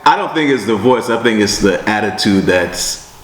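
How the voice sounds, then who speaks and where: A man's voice: fairly low pitch, expressive, moderate pace, roomy sound, low-quality recording. A man chatting casually while reacting to a video, laid-back and hesitant, often tagging lines with "man".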